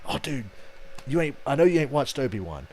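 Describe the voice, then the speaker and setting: A man's voice: mid-range voice, sing-song, a little fast, darkish tone, slight background noise. A man hosting a live race reaction stream in casual, profane chat, breaking into mocking voices when he quotes people.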